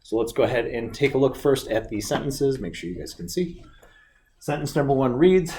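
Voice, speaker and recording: A man teaching an English grammar lesson, reading example sentences slowly and explaining each correction step by step. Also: mid-range voice, dark tone, slight background noise. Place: classroom.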